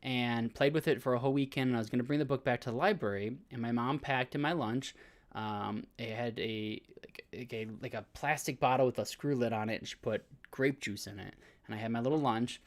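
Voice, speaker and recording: A man's voice: mid-range voice, brisk. A man in his thirties, a podcast co-host, telling a long story in casual chat with many filler words and restarts. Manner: rambling storytelling with frequent "like" fillers.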